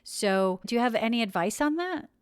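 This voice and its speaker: A woman's voice: fairly high pitch, lively intonation, moderate pace, smooth, dry recording, clean studio sound. A woman podcast host and parent asking heartfelt, searching questions in an earnest way. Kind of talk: podcast interview.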